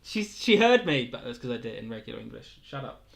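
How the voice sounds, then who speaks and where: A man's voice: mid-range voice, big pitch swings, fast talker, gravelly, a bit bright. A young man casually hosting a weekly livestream quiz, rambling between questions and chuckling often. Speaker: quiz host.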